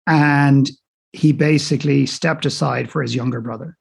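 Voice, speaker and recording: A man, a coach and podcast guest, telling stories in lively conversation and acting out both sides of remembered exchanges. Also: mid-range voice, normal speed, creaky, husky. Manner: animated, acts out both sides of dialogues. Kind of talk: conversational storytelling. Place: remote call.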